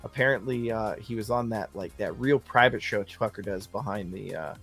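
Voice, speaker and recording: A man's voice: fairly low pitch, normal speed, over music. Joking american man hosting a livestream. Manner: animated, jokey, talks straight to the chat. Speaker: livestream host. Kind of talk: casual livestream commentary.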